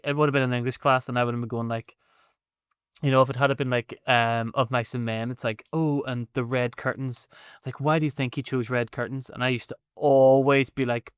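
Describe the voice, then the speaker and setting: A man in his thirties co-hosting a podcast, telling sarcastic stories and swearing freely. His voice is smooth and clear, mid-pitched, and the recording is close and dry. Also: a bit bright, no echo. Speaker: podcast co-host. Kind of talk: casual chat.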